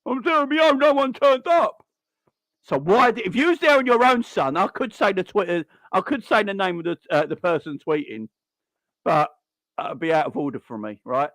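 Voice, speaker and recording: A man's voice: high voice, animated, fairly quick, fairly bright tone, dry recording. A man hosting a football channel, ranting angrily and swearing as he mocks online fans. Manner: sweary, mocking, mimics people. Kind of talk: angry fan rant.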